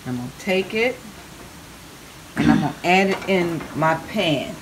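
A woman's voice: fairly low pitch, lively intonation, unhurried. A woman cooking on camera in a playful style, drawing out her "oh yeah"s and calling her viewers babies. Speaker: cooking vlogger. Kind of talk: cooking demo with chatter. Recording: noisy home kitchen recording.

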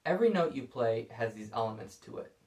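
A man calmly explaining violin bowing technique in a scripted video lesson. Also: mid-range voice, a little fast. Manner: calm, explanatory. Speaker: violin teacher. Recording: echoey room.

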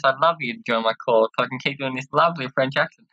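A woman's voice: a bass voice, fast, few pauses, fairly bright tone, no echo. A woman giving casual commentary while playing a game, chatty and giggly, reading character lines aloud and trying out playful voices. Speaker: let's-play host. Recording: slightly dull lo-fi sound.

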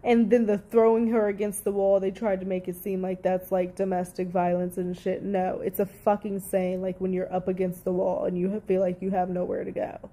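A woman's voice: medium pitch, flat delivery, fairly quick, hardly any pauses, warm tone. A woman giving heated reaction commentary on audio clips, blunt, profane and exasperated.

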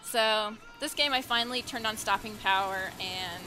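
A young woman recording casual gameplay commentary at home, soft-spoken and hesitant, filling pauses with ums and little giggles. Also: mid-range voice, music in the background, low-quality recording. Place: at home with her children nearby.

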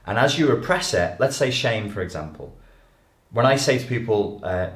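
Guy coaching a crowd, low voice, punchy and emphatic, echoey hall. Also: moderate pace. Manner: animated, emphatic, acts out quoted voices. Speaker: life coach giving a talk. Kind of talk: lecture to an audience. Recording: echoey room.

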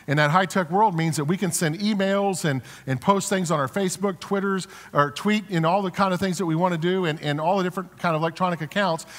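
A male pastor preaching in a casual, storytelling way, often restarting phrases and tossing rhetorical questions to the congregation. His voice sits fairly high for a man. It rings with a long reverb through a church sanctuary. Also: quick pace, hardly any pauses. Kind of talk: sermon.

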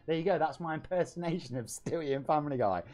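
Excitable British man hyping his stream. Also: on the high side, fast talker. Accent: British English. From England. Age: 40s. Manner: excitable, hype shout-outs and banter with chat. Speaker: game streamer. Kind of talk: lively live-stream chat. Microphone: home streaming microphone.

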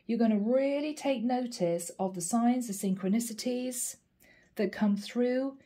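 A woman giving a channeled tarot reading, earnest and emotional, with frequent soft exclamations. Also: fairly high pitch, measured pace. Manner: earnest, repetitive spiritual phrasing. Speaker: tarot reader.

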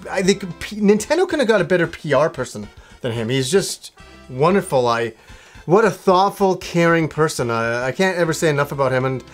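A man's voice: on the high side, big pitch swings, brisk, soft background music. A man talking casually to camera from a room in his home, rambling enthusiastically with lots of fillers and restarts. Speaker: video game vlogger.

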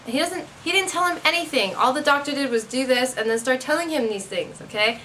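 Bright lively woman retelling a story. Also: high voice, fast talker, hardly any pauses, a little hiss or hum. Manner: animated storytelling, acting out quoted dialogue; checks in often with "okay?" and "right?". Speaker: English teacher. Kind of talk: retelling a story for English learners.

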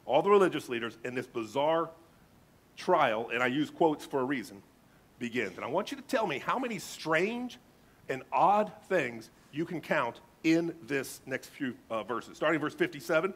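A male pastor delivers a sermon with emphatic, dramatic readings of scripture. His voice sits fairly high and has a husky edge. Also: expressive, normal speed, fairly bright tone.

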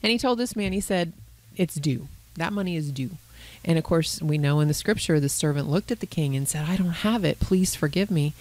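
A woman, a Christian counselor co-hosting a podcast, retelling a Bible parable in a lively storytelling way. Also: sits low, brisk, rough recording. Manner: animated storyteller who voices characters. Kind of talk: conversational Bible teaching.

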